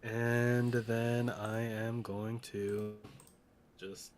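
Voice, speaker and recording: A man's voice: mid-range voice, flat delivery, extremely slow, a little hiss or hum. A man playing a tabletop game, hesitating and searching aloud as he declares his moves. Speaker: player. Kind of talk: casual tabletop play.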